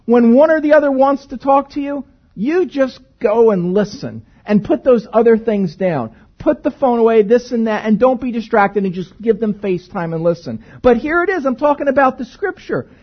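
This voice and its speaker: A man preaching a sermon in a conversational, animated way, asking the congregation rhetorical questions. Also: very high-pitched, moderate pace, muffled recording. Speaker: pastor.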